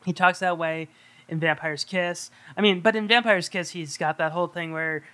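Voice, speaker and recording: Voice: medium pitch, fairly even intonation, normal speed, sharp tone. A co-host in a casual film review chat who chimes in often and talks loosely. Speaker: podcast co-host.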